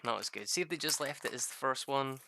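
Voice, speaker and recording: A man's voice: mid-range voice, fast talker, vocal fry, sharp tone, a little hiss or hum. A young man rambling through a casual gameplay chat, swearing freely and laughing at his own stories. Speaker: gaming streamer.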